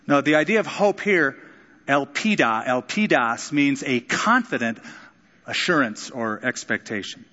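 A man preaching a sermon in a long, ringing hall, his voice caught on a muffled, dull recording. He is expressive, lifting his voice high when he acts out quotes and dropping low for quiet moments. His pitch sits in an ordinary middle range. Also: measured pace. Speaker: pastor.

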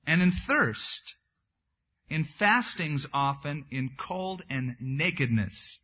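A man's voice: on the high side, lively intonation, slow pace, bright, forceful tone, lo-fi sound. A man preaching a sermon as a pastor, reading scripture aloud and then breaking into conversational asides.

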